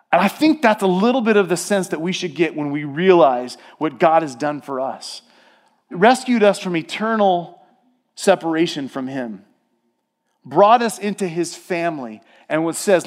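High-voiced male pastor preaching conversationally. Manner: conversational preaching with acted-out quotes. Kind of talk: sermon.

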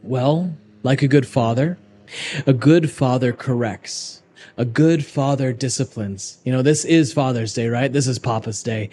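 A young adult man preaching a sermon, conversational and animated, swinging between raised urgency and hushed asides. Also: mid-range voice, a little slow, slight background noise. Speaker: pastor.

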